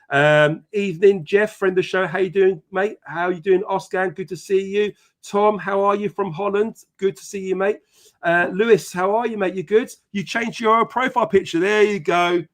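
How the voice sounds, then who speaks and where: Male host, brisk and profane, slightly high voice, reeling off viewer shout-outs. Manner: chatty and profane, greeting viewers by name. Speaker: podcast host. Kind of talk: casual live-stream chat.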